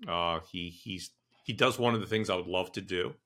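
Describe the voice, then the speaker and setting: A man's voice: deep voice, normal speed, sharp tone. An older man co-hosting a podcast, talking in an enthusiastic, easygoing way. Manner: enthusiastic, laughs easily, restarts often. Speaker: co-host. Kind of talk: casual podcast chat.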